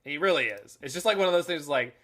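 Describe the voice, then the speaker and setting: Man, bright tone, fairly high pitch, casual live-stream chatter, filler-heavy, jokey. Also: expressive, fast. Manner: chatty, rambling, lots of filler likes; jokey asides, laughs at his own remarks. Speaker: streamer playing an online card game.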